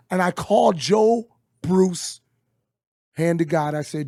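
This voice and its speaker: A middle-aged man tells a story in a casual interview. His voice is high and gravelly, and he is recorded dry and close. He swears freely and acts out what people said. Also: unhurried, no echo. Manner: animated, swearing, acts out quotes. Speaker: interview guest.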